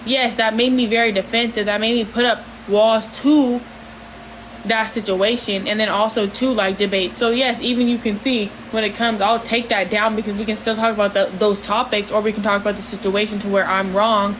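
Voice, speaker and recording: A woman hosting a livestream, talking casually in a rambling, halting way with lots of fillers. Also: mid-range voice, a little hiss or hum, poor audio. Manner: says she talks with her hands, animated. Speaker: livestream host.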